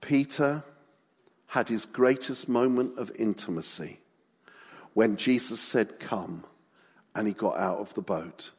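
A man's voice: medium pitch, unhurried, husky. A man preaching a sermon in a chatty, humorous way with light asides.

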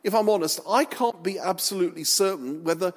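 Smug bragging fisherman disciple, man doing the voice, pitched a little high, long hall echo. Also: a little fast. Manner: self-satisfied, repeats his boasts, chatty. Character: boastful male fisherman apostle, smug and showing off.

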